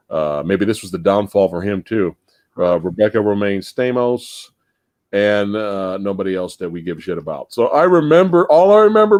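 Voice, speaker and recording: Lively, profane man hosting a live stream. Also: lowish voice, no echo, studio quality. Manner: animated, profane, laughs often. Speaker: podcast host. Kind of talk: casual live-stream movie chat.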